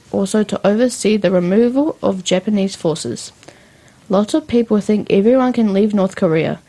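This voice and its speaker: A woman's voice: medium pitch, warm tone, rough recording. A girl reading out a fact report on student radio, careful and earnest. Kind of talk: read-aloud fact report.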